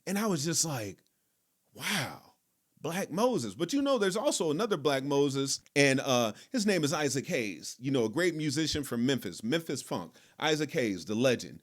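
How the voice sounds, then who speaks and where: A man hosting a podcast, telling a personal story in a relaxed, conversational way. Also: medium pitch, moderate pace, hardly any pauses. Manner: relaxed, conversational, lots of fillers. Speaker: podcast host. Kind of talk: casual storytelling.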